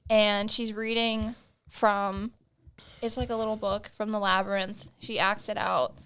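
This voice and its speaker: A woman's voice: mid-range voice, flat delivery, unhurried, fairly bright tone, smooth. A young woman co-hosting a podcast in a casual, chatty way, peppering her talk with "like.". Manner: chatty, lots of "like". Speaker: podcast co-host. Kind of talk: casual chat.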